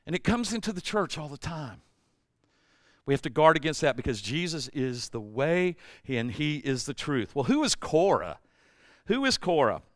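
Bright-voiced male pastor preaching. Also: fairly high pitch, no echo, clean studio sound. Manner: conversational and animated, acts out quotes. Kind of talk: sermon.

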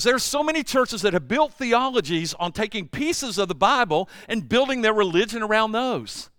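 A man preaching a sermon as a pastor, conversational and animated, acting out the voices of people he quotes. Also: sits high, a little slow, hardly any pauses, clear, resonant tone, no room sound, studio quality.

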